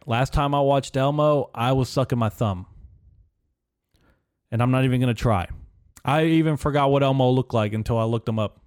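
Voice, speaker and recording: A young man rants into a close studio mic on his own podcast, rambling, sarcastic and profane. His voice is medium-pitched, a little mellow and clean, and the recording is dry.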